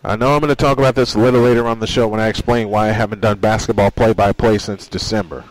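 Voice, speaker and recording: A man's voice: lowish voice, steady tone, quick pace, dry recording, poor audio. A man hosting a sports radio show, speaking earnestly in a monologue and reading quotes aloud.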